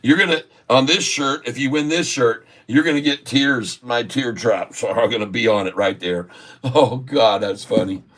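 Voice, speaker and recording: A man's voice: mid-range voice, normal speed, a bit bright. A middle-aged man hosting a live stock-trading stream, chatting casually, laughing often and reading viewer comments aloud. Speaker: livestream stock trading host. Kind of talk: casual livestream chat with viewers.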